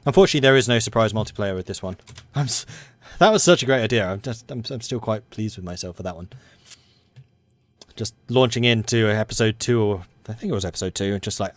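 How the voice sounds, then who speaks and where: An excitable young Englishman rambling through commentary on a strategy game he is playing. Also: lowish voice, fast talker, no room sound. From England. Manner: excitable and rambling, self-described hyper. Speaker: let's play host. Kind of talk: gaming commentary.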